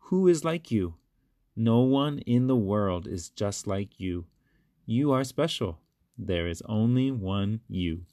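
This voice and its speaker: A man reading short children's stories aloud in a slow, careful, even manner. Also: lowish voice, dry recording, studio quality. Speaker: children's book reader. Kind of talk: storybook read-aloud.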